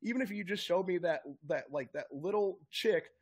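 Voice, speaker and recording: A young man co-hosting a casual podcast, talking in an excitable, profane rant. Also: sits high, normal speed. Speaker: podcast co-host. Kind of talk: casual chat.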